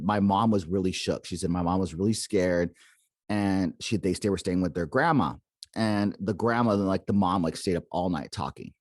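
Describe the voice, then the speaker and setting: A man's voice: on the low side, no room sound. A man hosting a paranormal podcast, casually retelling a secondhand encounter and quoting the people in it, with lots of "like" and "okay?". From Arizona. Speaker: podcast host. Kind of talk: casual storytelling.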